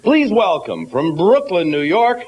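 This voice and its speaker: A man's voice: sits high, big pitch swings, measured pace, highs cut off. A man hosting a comedy show, introducing the acts to the audience. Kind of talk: emcee introduction. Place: comedy club stage. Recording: loud crowd and noisy live tape.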